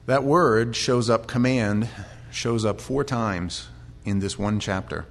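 An American man preaching a conversational Bible sermon, chatty with restarts, sometimes building to loud, impassioned storytelling. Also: lowish voice, slow. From United States. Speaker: pastor.

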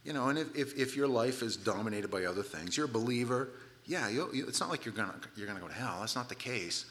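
Animated male pastor preaching. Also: medium pitch, quick pace. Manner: animated, sarcastic asides with restarts. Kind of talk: sermon.

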